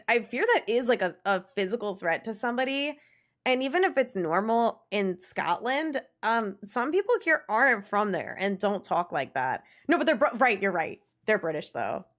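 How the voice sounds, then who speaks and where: A young adult woman streaming a game and chatting casually with her viewers, animated and quick to laugh, swearing freely. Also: a little high. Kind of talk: casual live-stream chat.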